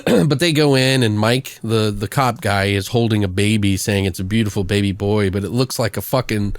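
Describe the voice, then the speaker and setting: A man's voice: lowish voice, moderate pace, dry recording. Laid-back man recapping a film. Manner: laid-back, swears freely, recaps plots with acted-out quotes. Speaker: podcast co-host. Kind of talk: casual film review chat.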